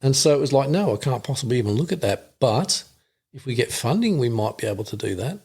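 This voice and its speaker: A man's voice: medium pitch, lively intonation, fast talker, a little mellow, slightly rough. A middle-aged Australian man, a guest on a podcast, talking casually and earnestly, rambling a bit and laughing easily. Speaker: podcast guest, veterans hunting program founder. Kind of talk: casual chat.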